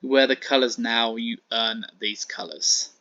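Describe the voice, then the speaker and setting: A man's voice: mid-range voice, fairly even intonation, a little slow, bright, forceful tone, dry recording, highs cut off. A man voicing a male wrestler barking instructions at young recruits. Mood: stern. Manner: barks instructions.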